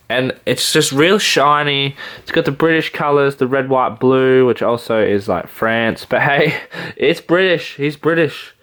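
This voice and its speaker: An Australian man reviewing action figures in a casual, rambling, excitable way. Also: mid-range voice. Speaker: toy reviewer.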